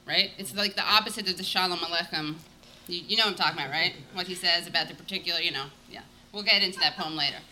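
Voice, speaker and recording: A woman's voice: on the low side, bright, forceful tone, a little hiss or hum. A woman hosting a live talk show, chatty and joking, going off on tangents as she introduces guests. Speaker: podcast host.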